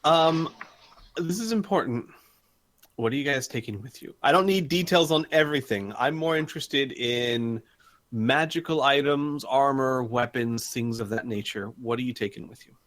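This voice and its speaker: A man at mid pitch runs a tabletop space game as game master. He paints each scene slowly with a few fillers, then turns to ask the players what they will do. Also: fairly bright tone. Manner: descriptive, hesitant with fillers, checks in with players.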